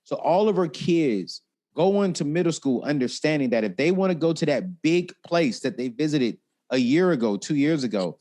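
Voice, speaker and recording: A man in an interview, a personal finance expert telling stories expressively, acting out quotes and talking freely. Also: normal speed. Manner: expressive, acts out quotes with big pitch jumps, talkative. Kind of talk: animated interview storytelling.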